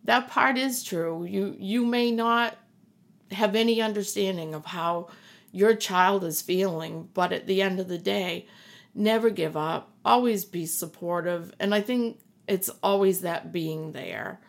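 Gravelly-voiced middle-aged mother, earnest. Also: mid-range voice, unhurried. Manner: earnest, reassuring, repeats herself for emphasis. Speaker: podcast guest, host's mother. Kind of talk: emotional podcast conversation.

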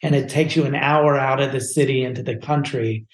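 A man's voice: medium pitch, steady tone, brisk. Podcast guest, man from California, rambling personal story, roomy echo. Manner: candid and rambling, uses "like" a lot.

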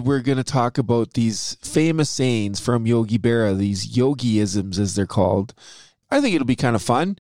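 A man's voice: mid-range voice, darkish tone, no echo. An upbeat man chats through an investing podcast as co-host. His voice sits in a middle register. The sound is dry and close, with no room around it. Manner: upbeat, chatty, self-aware about his "radio voice". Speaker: podcast co-host, financial advisor. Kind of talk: casual chat.

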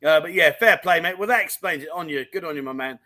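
A high-pitched man chatting on a casual livestream. His voice is bright and forward as he rattles through viewer comments, friendly and full of slang. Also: quick pace. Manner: chatty and animated, full of mate and diamond geezer slang. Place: home in Thailand.

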